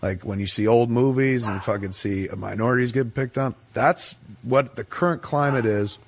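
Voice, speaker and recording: A man telling a story in a casual, profane way, acting out the people in it with higher voices. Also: moderate pace. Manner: animated, swears constantly, acts out quoted people in higher voices. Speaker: guest storyteller.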